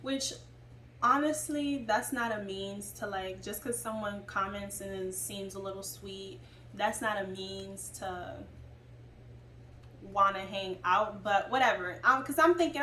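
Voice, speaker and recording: A woman's voice: mid-range voice, a little slow, sharp tone, distant mic. A young woman telling a personal story in a chatty, rambling way, full of asides. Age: young adult. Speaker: vlogger. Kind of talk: casual storytime. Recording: roomy, away from mic, faint noise.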